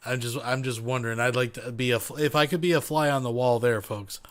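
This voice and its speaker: A man's voice: medium pitch, fairly even intonation, a little fast, a bit bright. A man hosting a commentary show, reacting to a clip bluntly and profanely and talking to his viewers as folks.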